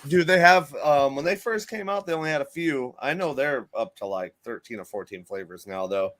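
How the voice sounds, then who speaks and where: A man's voice: fairly high pitch, moderate pace, fairly bright tone, no echo. A man hosting a casual morning show, chatting loosely and laughing often as he recaps sports scores. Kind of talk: casual chat.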